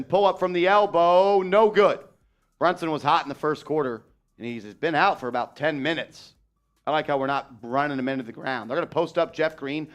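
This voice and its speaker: A man doing live play-by-play for his home team, excitable and partisan. His voice sits a touch high and comes through smooth and crisp on a dry close mic. A faint music bed plays under him. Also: dry recording. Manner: fast, excitable, openly partisan. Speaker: play-by-play streamer. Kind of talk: live fan play-by-play commentary.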